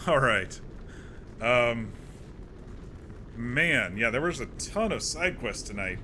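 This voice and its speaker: A man's voice: medium pitch, expressive, takes it slowly, sharp tone, a little hiss or hum. A man streaming a video game, giving casual gameplay commentary in a chatty, rambling recap full of self-corrections.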